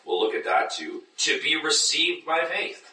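Animated pastor in an echoey room. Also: male voice, measured pace, slight background noise. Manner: animated, acts out skeptics in high mocking voices. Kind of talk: sermon. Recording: echoey room, mic at a distance.

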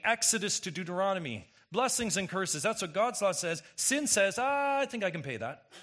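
A male pastor preaches with a lively, rising and falling delivery and a bright, forceful edge to his voice. He presses his points with rhetorical questions to his listeners, sounding emphatic throughout. His pitch sits a little above that of most men. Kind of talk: sermon.

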